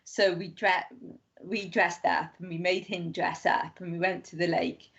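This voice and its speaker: A woman's voice: fairly low pitch, little pitch movement, unhurried, fairly bright tone. A young woman in casual podcast chat, telling rambling stories full of "like" and acted-out quotes. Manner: rambling storyteller, lots of "like", acts out quotes. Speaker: guest. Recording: dull lo-fi podcast audio.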